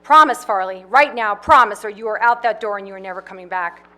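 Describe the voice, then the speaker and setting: A woman's voice: mid-range voice, brisk, close to an everyday voice. A woman reading the part of a scheming, domineering woman in a play, bossy and insistent. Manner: bossy, insistent, rising to shouts.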